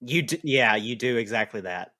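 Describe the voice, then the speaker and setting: A man narrating as the game master of a tabletop role-playing game, speaking in a slow, measured way. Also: mid-range voice, expressive, pushed and bright.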